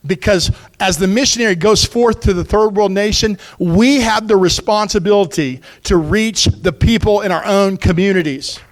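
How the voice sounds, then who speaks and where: A man preaching with an earnest, urgent drive, breaking into casual asides to his listeners. His voice sits high for a man. He speaks as a pastor from the pulpit. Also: normal speed, few pauses. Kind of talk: sermon.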